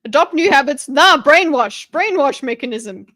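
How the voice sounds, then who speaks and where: A woman's voice: high-pitched, lively intonation, a bit bright. A woman talking through a mind map on a live stream, rambling and restarting her sentences as she chats with viewers. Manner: rambling, self-interrupting, chatty with viewers, quick laughs. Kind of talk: thinking aloud while mind-mapping on a live stream.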